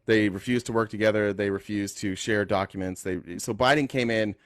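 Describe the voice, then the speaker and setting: A man hosting a live call-in political talk show, speaking casually, joking and thinking out loud as he reads the news. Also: fairly low pitch, fairly even intonation, fairly quick, no echo, clean studio sound. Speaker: host.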